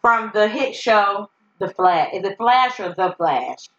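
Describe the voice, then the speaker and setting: A woman co-hosting a podcast in casual chat, excitable and steering the topics. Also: medium pitch, slow pace. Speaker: podcast co-host. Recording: echoey room, dull lo-fi sound.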